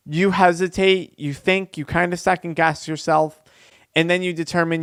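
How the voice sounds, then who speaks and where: Man, recovery coach, earnest storytelling, smooth clear voice, fairly high. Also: flat delivery, moderate pace, fairly bright tone, dry recording, clean studio sound. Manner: earnest, conversational. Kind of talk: personal storytelling vlog.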